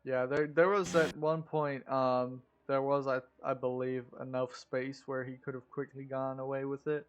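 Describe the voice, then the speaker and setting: A man co-commentating a live sim racing session, easygoing and quick to react, with plenty of fillers. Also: mid-range voice, flat delivery, dull audio.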